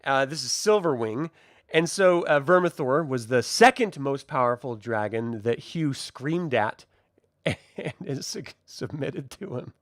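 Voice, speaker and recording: A man's voice: medium pitch, unhurried, no echo, studio quality. A man casually reviewing a TV episode, rambling and joking as he recaps. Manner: jokey, rambling, animated.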